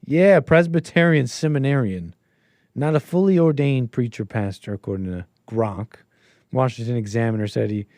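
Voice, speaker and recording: A man's voice: mid-range voice, mellow, no room sound. A man hosting a casual political commentary stream, rambling, thinking aloud and laughing often. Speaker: host.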